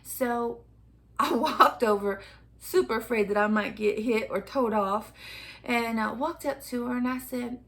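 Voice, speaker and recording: Woman vlogger with a slightly high voice, chatty storyteller who keeps breaking into laughter. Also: measured pace. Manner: animated, laughs often between phrases. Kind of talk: casual storytelling.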